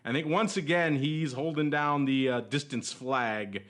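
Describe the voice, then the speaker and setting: A man's voice: fairly high pitch, measured pace, a bit bright. A man hosting a podcast in casual chat, jokey and rambling with frequent chuckles. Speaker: podcast host.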